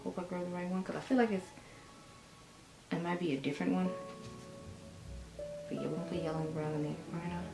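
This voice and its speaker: In an echoey room at home with music in the background, a beauty vlogger chats her way through a makeup tutorial, rambling and addressing viewers as y'all. She talks briskly in a lowish, steady voice with vocal fry, pausing often.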